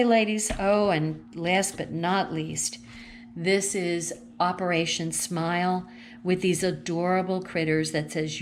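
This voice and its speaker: A woman's voice: fairly low pitch, a little hiss or hum. A woman casually walking viewers through a craft catalog at home, chatty and gushing as she thinks aloud while turning the pages. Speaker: consultant showing a craft catalog. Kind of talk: casual catalog walkthrough vlog. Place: at home with her dogs.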